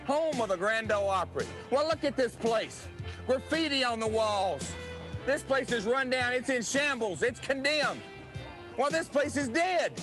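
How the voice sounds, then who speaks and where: A man's voice: very high voice, pitched above the performer's own voice. A man playing a cocky young country-singer wrestler in a boastful, taunting promo vignette. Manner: boastful, taunting, spells out his name.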